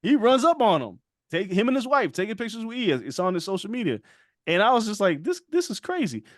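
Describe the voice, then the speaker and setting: A man on a podcast, animated as he tells a story, with a higher-than-average voice, close and dry. He keeps acting out the other people in the story as he goes, and laughs along. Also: quick pace, dry recording. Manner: animated storyteller, acts out quotes, laughs often. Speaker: podcast co-host. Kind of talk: casual storytelling chat.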